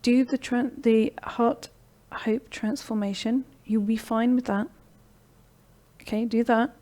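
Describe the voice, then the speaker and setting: A middle-aged woman hosts a live online session and talks viewers through her program. Her voice is mellow and warm, and she keeps it encouraging. She checks in with a steady "okay?" as she goes. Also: on the high side, slow. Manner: encouraging, repeats "okay?" often. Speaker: online course host. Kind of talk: live-streamed sales pitch and Q&A.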